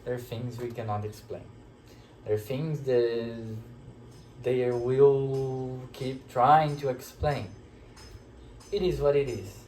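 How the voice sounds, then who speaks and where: A man recounts a personal spiritual story in a slow, reflective way, often pausing as emotion rises. His voice sits at an ordinary pitch and rings with the echo of the room around him, over a faint hum. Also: fairly even intonation, darkish tone. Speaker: spiritual teacher sharing a personal experience. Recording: echoey room.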